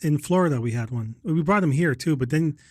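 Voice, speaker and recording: A man's voice: on the high side, expressive, a little fast, a little mellow, no echo, clean studio sound. A man co-hosting a casual podcast, making blunt, dismissive quips. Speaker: podcast co-host. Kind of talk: casual chat.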